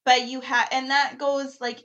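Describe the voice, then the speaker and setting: Candid young mother with high voice. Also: flat delivery, measured pace, fairly bright tone, dull audio. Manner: candid, laughs easily. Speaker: podcast co-host. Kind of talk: casual podcast conversation.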